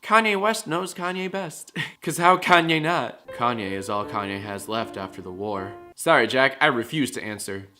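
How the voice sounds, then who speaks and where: A man's voice: fairly low pitch, very animated, moderate pace, few pauses, pushed and bright, soft background music. A man hosting a comedy web show, reading out viewer comments with sarcastic, jokey asides. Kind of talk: fast comedic monologue to camera.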